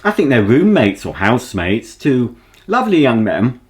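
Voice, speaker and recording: A homely Yorkshire man vlogging in a loose, rambling chat, often stopping for an um before he carries on. His pitch sits in the middle for a man, and the talk is relaxed and unscripted. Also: normal speed, a little hiss or hum. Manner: rambling, homely, full of ums. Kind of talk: casual chat to camera.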